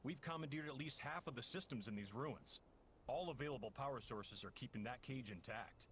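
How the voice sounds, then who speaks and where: A man voicing a flat, cold game villain. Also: mid-range voice, slight background noise, natural voice. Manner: flat, measured, even delivery. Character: cold, scheming male villain henchman. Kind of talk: video game voice acting.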